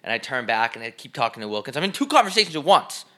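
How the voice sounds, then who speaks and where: Young man, podcast co-host, bright voice, lively storytelling, swears a lot. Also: medium pitch, racing. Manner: animated storyteller, swears, acts out quotes loudly. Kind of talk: casual storytelling chat.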